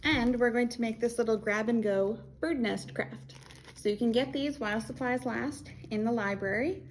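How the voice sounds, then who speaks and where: A woman's voice: a little high, normal speed, a little hiss or hum. An American woman working as a children's librarian, reading a picture book aloud and acting out animal sounds in a playful way.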